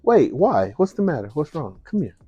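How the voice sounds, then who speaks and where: A man putting on the voice of a caring woman singer who coaxes people and calls them baby, in a much higher voice than his own. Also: sing-song, normal speed, dark tone, dry recording, muffled recording, soft background music. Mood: concerned. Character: warm insistent older woman singer, caring.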